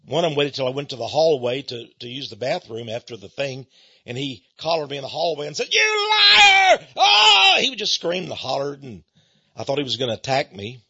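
A man, a Christian speaker telling stories in an animated, chuckling sermon style. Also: medium pitch, brisk, husky, highs cut off. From Texas, USA. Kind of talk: storytelling sermon.

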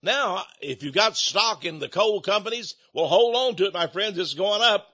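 A man's voice: high voice, lively intonation, moderate pace, pushed and bright. An older man giving a combative, sarcastic political monologue and repeating words as he goes. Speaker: political commentator. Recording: dull lo-fi sound.

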